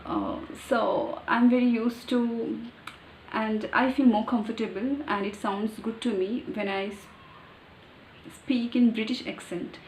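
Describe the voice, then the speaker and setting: A woman's voice: on the high side, steady tone, measured pace, a little mellow, a little hiss or hum. A woman with an Indian accent, a native Marathi speaker, earnestly explaining pronunciation step by step in a casual monologue. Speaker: vlogger. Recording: echoey room with faint ambience.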